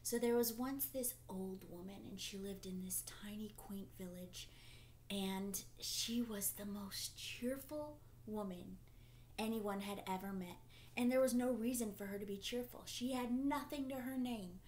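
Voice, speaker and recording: A woman telling a fairy tale in a slow, hushed, half-whispered narration. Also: mid-range voice, slight background noise. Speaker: storyteller. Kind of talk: storytelling performance.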